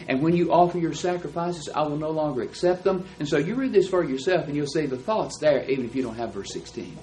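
Leading a Bible class, a man explains the texts emphatically, lecturing and leaning hard on key words. His voice is mid-range and a little mellow, and the recording quality is low.

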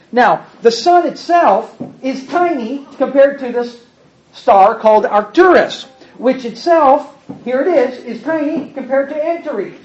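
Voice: high voice, darkish tone, lo-fi sound. A preacher giving a sermon with slides, speaking to the congregation in a folksy way and pointing at the pictures while explaining.

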